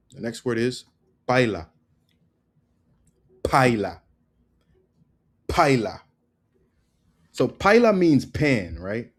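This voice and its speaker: A man from the United States giving a casual spoken lesson on slang, relaxed and loose, repeating words slowly and often asking "right?". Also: mid-range voice. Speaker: language teacher.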